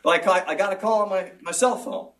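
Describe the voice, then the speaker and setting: A man's voice: high-pitched, quick pace, fairly bright tone, far from the mic, low-quality recording. A middle-aged man answering as a job candidate in a formal interview, speaking earnestly and measuredly with small restarts.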